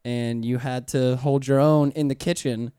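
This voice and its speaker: A man chatting casually as a podcast guest, telling animated stories and swearing freely. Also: medium pitch, a little slow, clear, resonant tone, dry recording, clean studio sound. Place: studio.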